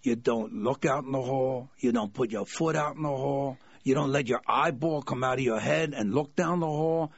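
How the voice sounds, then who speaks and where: A man voicing a hulking, stern male bodyguard who gives slow, firm warnings. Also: medium pitch, slightly rough, no echo, highs cut off.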